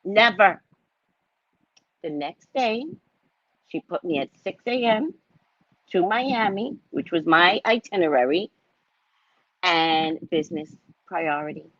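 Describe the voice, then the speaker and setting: A woman in her fifties, a psychic reader, telling stories in a dramatic, animated way and speaking to her viewers like family on a casual livestream. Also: fairly low pitch, a little slow, pauses often, dry recording, highs cut off. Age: 50s.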